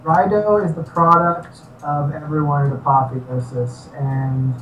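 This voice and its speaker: A man's voice: a little high, fairly even intonation, measured pace, a crowd in the background. A man being interviewed about his game studio, jokey and upbeat in casual talk. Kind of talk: casual interview over a call. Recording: distant echoey mic with faint noise.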